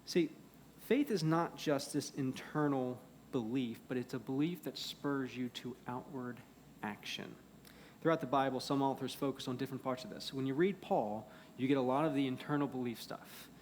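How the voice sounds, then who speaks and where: A pastor preaching a sermon in a church, earnest, moving between loud emphasis and hushed pleading. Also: male voice, medium pitch, normal speed, a little hiss or hum. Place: church sanctuary.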